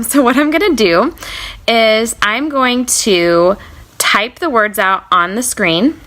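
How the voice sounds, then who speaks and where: Bright-voiced playful American woman. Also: medium pitch. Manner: playful, laughs often. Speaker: co-host running a game segment. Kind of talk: casual podcast chat.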